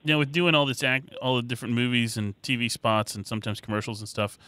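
A man co-hosting a podcast in casual chat, asking hesitant, halting questions. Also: mid-range voice, level tone, sharp tone, clear, resonant tone, dry recording.

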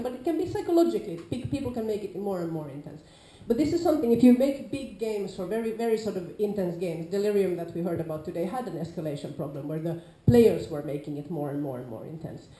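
A woman with a Nordic accent gives an informal lecture, lively and chatty, now and then acting out players with loud calls. Her voice is mellow and dark in tone. The room is hard and echoey around her. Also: on the low side, fast, hardly any pauses. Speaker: lecturer on larp safety.

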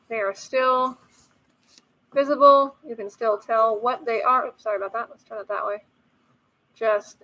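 High-voiced woman hosting a card stream. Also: vocal fry, poor audio. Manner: chatty, apologetic, often breaks off to soothe a baby. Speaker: card-breaking stream host. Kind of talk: casual live card-opening chat. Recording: loud background noise with a crying baby.

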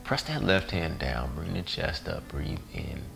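Slow, deep-voiced gravelly yoga teacher. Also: male voice. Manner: relaxed, playful cues with sighs and jokes. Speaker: yoga instructor. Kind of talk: guided yoga class. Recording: music playing behind voice.

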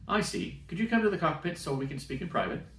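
A man's voice: a little high, lively intonation, fast talker, a bit bright, voice pushed up. A man reading aloud and voicing a polite, literal-minded starship AI in a formal, precise and fretful manner. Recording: roomy sound from a distant mic.

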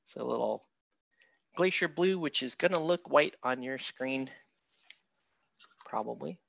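A man streaming a painting session with a gravelly, fry-laced voice, rambling and joking with chat between brushstrokes. The sound is dry and close, and a little dull and muffled. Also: mid-range voice, unhurried, a bit bright, dry recording. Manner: chatty, rambling, self-mocking, talks to chat as he paints. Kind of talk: casual livestream painting tutorial.

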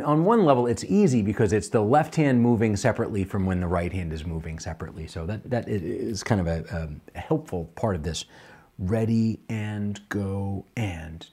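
Middle-aged male piano teacher, fairly low voice, patient step-by-step explainer, piano playing underneath. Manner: patient, explains step by step, counts and scats rhythms aloud. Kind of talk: piano lesson.

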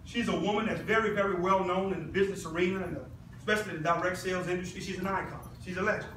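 A bright, high-voiced man pitches a product live to an audience, persuasive and constantly quizzing the crowd. He is picked up from some distance in an echoey room with faint background noise. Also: fairly even intonation, quick pace. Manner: persuasive, addresses the audience with questions. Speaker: product presenter.

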